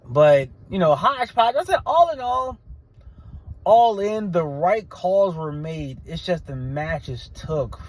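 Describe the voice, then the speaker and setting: Male show host, fairly high voice, blunt opinionated rambler who stammers and restarts. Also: lively intonation, takes it slowly. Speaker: wrestling show reviewer. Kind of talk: casual opinionated review.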